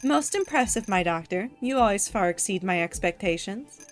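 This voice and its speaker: Woman voicing a sugary, condescending AI mentor, lowered voice, faint music under. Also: expressive, normal speed, natural voice. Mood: patronizing. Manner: lavish, patronizing praise.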